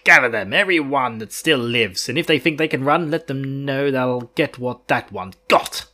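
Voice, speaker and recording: A man's voice: medium pitch, normal speed, pushed and bright, natural voice. A man voicing a deranged, vengeful male villain in a dramatic book reading, snarling and raving. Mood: menacing.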